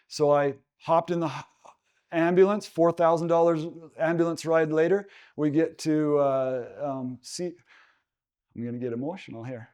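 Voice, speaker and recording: Guy telling his story at a college seminar, lots of ums and restarts, kinda high smooth voice. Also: steady tone, darkish tone. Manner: halting, many fillers and restarts, gets emotional. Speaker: guest speaker. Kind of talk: seminar talk with personal story.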